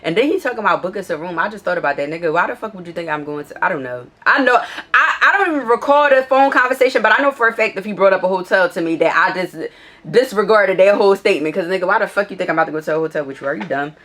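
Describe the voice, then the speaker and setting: A young woman, casually telling a storytime to her viewers at home, profane and animated, addressing them directly. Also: lowish voice, racing. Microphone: iPad camera.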